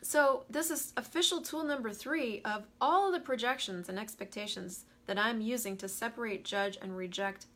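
Bright lively woman on a livestream, chatty, laughs a lot, waves hi to viewers. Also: fairly high pitch, normal speed, few pauses. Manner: animated, laughs often, greets viewers mid-sentence. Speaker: host of a live money coaching show. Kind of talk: casual live-stream coaching talk.

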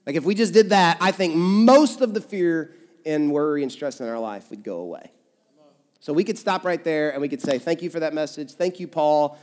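A male pastor with a Kentucky accent preaching a conversational sermon, swinging between emphatic loud stretches and hushed ones. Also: a little high, moderate pace. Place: church sanctuary. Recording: church hall reverb with soft music.

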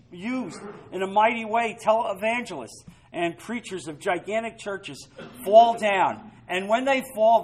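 High-voiced emphatic male preacher. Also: low-quality recording. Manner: emphatic, shifting between loud stresses and quiet asides. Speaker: pastor. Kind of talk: sermon.

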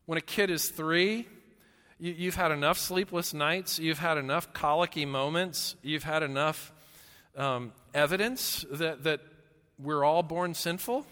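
A pastor delivers an earnest sermon in a bright, forceful man's voice pitched a little high. He stumbles and restarts often, rising to loud emphasis, then dropping to slow, hushed lines. Long reverb from a church hall trails behind each phrase. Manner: earnest, with repeated restarts and stammers.

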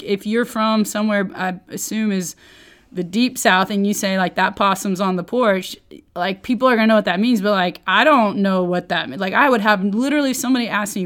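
Chatty woman hosting a devotional podcast. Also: medium pitch. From Oklahoma, United States. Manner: chatty, rambling, self-interrupting. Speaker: podcast host.

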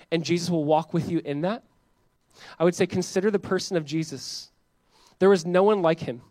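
A young male pastor preaching a sermon with animated, self-mocking storytelling. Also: high-pitched, no room sound. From Southern California.

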